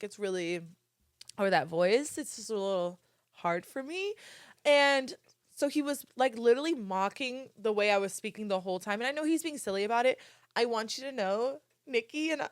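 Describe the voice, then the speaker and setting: On a clean, dry studio recording with no room sound, a young woman with a fairly high voice hosts a podcast. She tells a story in casual chat, talking to her listeners, swearing freely, and drawling her words until they sound slightly slurred.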